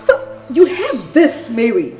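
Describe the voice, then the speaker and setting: A woman's voice: a little high, huge pitch swings, takes it slowly, over music, exaggerated voice. A woman with a Nigerian accent playing a jealous wife who sarcastically taunts her pastor husband in a film scene. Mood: mocking. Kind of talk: Nollywood film acting.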